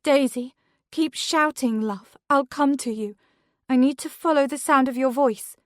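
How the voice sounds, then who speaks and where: A woman's voice: on the high side, unhurried, a little mellow, no room sound, studio quality, voice pushed up. A woman voicing a frantic injured mother. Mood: urgent. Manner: urgent, strained pleading. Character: injured, desperate mother searching for her children. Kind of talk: audiobook character voice.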